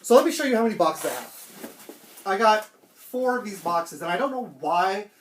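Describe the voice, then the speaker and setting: A man chatting excitedly and swearing casually through a home unboxing vlog. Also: high voice, normal speed, a little hiss or hum. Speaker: toy collector vlogger. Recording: roomy echo, faint background music.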